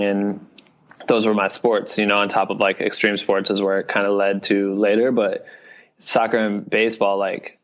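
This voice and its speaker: A low-voiced man from Iowa talks casually as a podcast guest, his delivery flat and even. He rambles loosely with lots of fillers. The audio sounds dull and lo-fi. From Iowa, US Midwest. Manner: loose rambling talk full of fillers, "you know what I mean". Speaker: guest, video director and creator.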